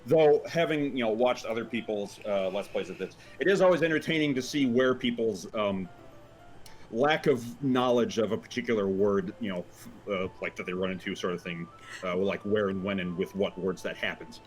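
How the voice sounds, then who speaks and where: A man's voice: lowish voice, moderate pace, soft background music. A man co-hosting a commentary, rambling casually with lots of fillers about his own writing. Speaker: co-host and writer.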